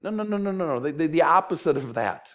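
Pastor with a Minnesota accent, earnest sermon delivery, stumbles and repeats as he pleads; voice sits a bit high. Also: lively intonation, quick pace, a bit bright.

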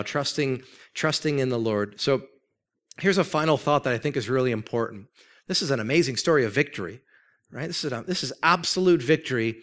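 A man in his thirties preaching a sermon in a conversational, earnest way, acting out quoted lines and going soft and low for sad parts. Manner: earnest, conversational, acts out quoted speech with pitch jumps; drops soft and low when telling of grief. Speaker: pastor.

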